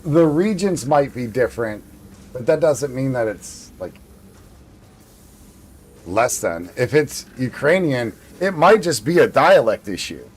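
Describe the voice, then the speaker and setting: Just a guy streaming a game, rambly easygoing chat, medium pitch voice. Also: sing-song, a little slow, slight background noise. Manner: rambling, easygoing, laughs often. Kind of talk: casual livestream chat.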